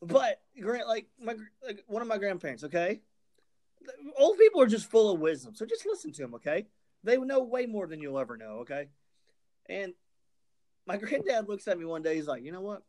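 A man's voice: sits high, very animated, normal speed, darkish tone. A man co-hosting a casual sports podcast, telling rambling stories and laughing as he talks. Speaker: podcast co-host.

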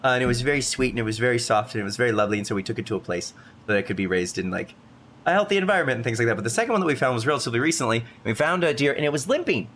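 A man co-hosting a podcast, chatting casually, laughing a lot and rambling excitedly. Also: mid-range voice, rapid-fire. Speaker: podcast co-host. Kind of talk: casual chat. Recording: noisy background.

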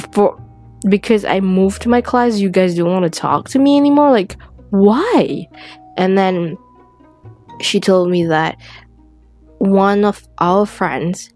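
A teenage girl telling a personal story in a rambling, halting way with many restarts, close to tears at times. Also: mid-range voice, a little mellow, faint music behind. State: tearful at times.

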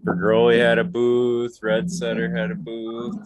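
A man's voice: medium pitch, monotone, a little slow, crowd noise, rough recording. A man chatting casually as a guest, recounting a day out and rambling with many fillers. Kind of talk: casual chat.

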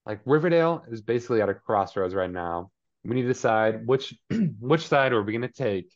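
A man's voice: mid-range voice, expressive, fairly quick. A man co-hosting a podcast, recapping a TV episode in casual chat, full of fillers. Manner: chatty, filler-heavy, throws in voices for characters. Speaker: podcast co-host. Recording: dull lo-fi audio.

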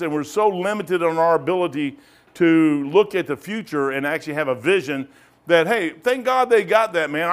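Preacher guy, kinda high voice, folksy bible study, acts out little stories. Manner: folksy storytelling, acts out quoted dialogue. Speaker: pastor. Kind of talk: casual Bible study teaching.

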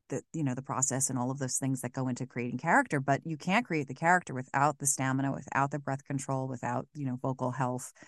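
A voice actress talking animatedly in an interview, emphatic and quick to laugh, with many restarts. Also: female voice, very deep voice, no room sound, clean studio sound. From United States. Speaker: voice actress, guest. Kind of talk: casual interview chat.

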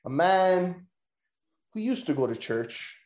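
A man hosting a podcast, joking loudly and swearing in crude, excitable banter. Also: high voice, slow, roomy sound. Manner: loud, joking, profane, excitable. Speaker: podcast host. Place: room recorded in person.

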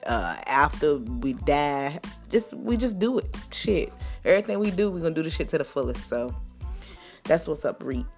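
A woman's voice: sits low, big pitch swings, normal speed, a little mellow, faint music behind. A woman hosting a podcast, running through news in casual chat with fired-up, profane commentary. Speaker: podcast host.

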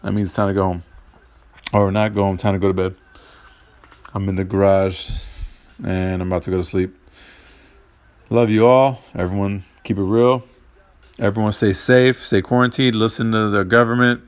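Man, low-pitched voice, rambling casual monologue, swears a lot, recorded in a garage. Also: fairly even intonation, moderate pace, long pauses. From Puerto Rican heritage. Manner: rambling, profane, gets heated. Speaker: podcast host.

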